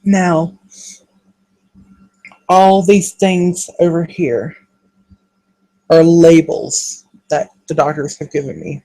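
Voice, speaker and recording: Slow, gravelly man confiding on camera. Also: fairly high pitch, fairly even intonation, warm tone, low-quality recording. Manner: earnest, halting, emotional. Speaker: vlogger. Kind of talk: confessional vlog monologue.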